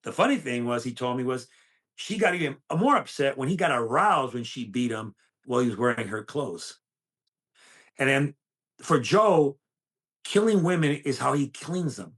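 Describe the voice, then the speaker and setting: A man's voice: mid-range voice, animated, normal speed, fairly bright tone. An older man, a guest in an interview, telling intense stories from his past and acting out the voices of the people in them. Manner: intense, dramatic storyteller who acts out other voices. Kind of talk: storytelling in a conversational interview.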